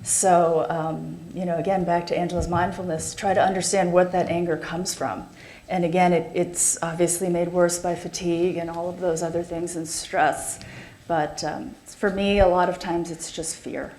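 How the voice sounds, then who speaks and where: A woman with a somewhat low voice speaks reflectively on a panel, hesitating and pausing often as she searches for words. The room around her is echoey. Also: level tone, darkish tone, slight background noise. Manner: hesitant, reflective, many fillers. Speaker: carepartner panelist. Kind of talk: panel talk.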